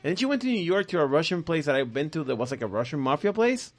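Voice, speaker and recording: Brief: profane storyteller, man, slightly high voice, rambling casual delivery. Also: very animated, fast, soft background music. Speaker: podcast guest telling stories.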